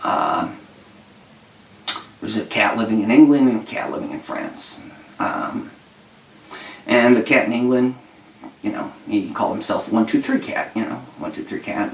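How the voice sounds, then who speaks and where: A man's voice: lowish voice, measured pace, creaky, pauses often, a little hiss or hum. Man, podcast co-host, rambling mock-serious storyteller, echoey room, distant mic. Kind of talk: casual chat.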